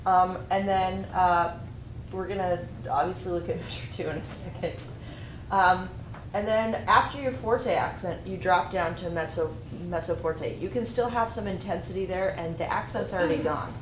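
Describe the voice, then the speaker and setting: A woman's voice: on the low side, moderate pace. A woman instructor coaching a music ensemble through a rehearsal, giving direct, practical instructions with fillers. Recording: echoey room with noise, from a distance.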